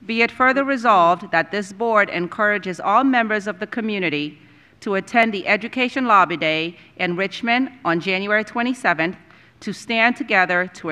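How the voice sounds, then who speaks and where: A woman on a school board reading a formal resolution aloud, then speaking to her motion in a measured way. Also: mid-range voice, pushed and bright.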